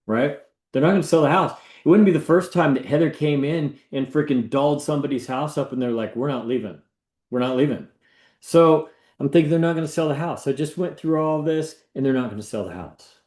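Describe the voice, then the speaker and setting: Animated man telling a story in an echoey room. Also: fairly high pitch, a little fast. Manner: animated, acts out the people he quotes. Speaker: real estate agent. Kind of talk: casual storytelling talk.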